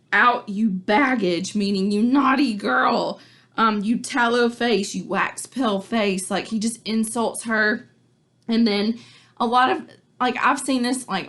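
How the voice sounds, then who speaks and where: A woman's voice: mid-range voice, fairly bright tone. A woman teacher giving a casual, chatty recap of a play to her class, full of likes and ums. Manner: chatty, filler-heavy, informal.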